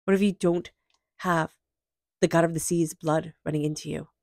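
A woman's voice: deep voice, fairly even intonation, normal speed, dry recording, studio quality. A woman giving an intuitive tarot reading, earnest and emphatic, with soothing repeated affirmations. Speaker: tarot reader.

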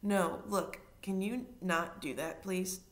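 A woman's voice: on the low side, steady tone, slow pace. A woman voicing a young boy in a storybook reading, curt, guarded and irritable. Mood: irritated. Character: tense, curt young boy, narrator's hero.

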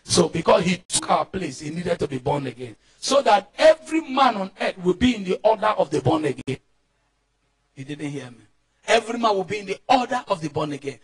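Nigerian male pastor, fervent sermon, very high voice, calls for answers. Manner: fervent preaching, often shouting and calling for responses.

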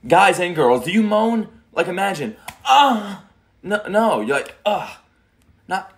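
A young man giving casual, profane reaction commentary on anime, joking loudly and laughing a lot, with the show's music playing behind him. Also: high-pitched, big pitch swings, slow pace. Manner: loud joking outbursts, frequent laughs and cursing.

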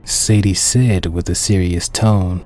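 A man reading his own dark pony fan story aloud as the narrator, in a steady, plain storytelling manner. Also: low-pitched, takes it slowly, soft background music.

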